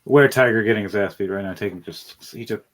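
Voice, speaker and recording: A young man narrating a tabletop game as game master, swearing freely and excitedly restarting his sentences. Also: lowish voice, brisk.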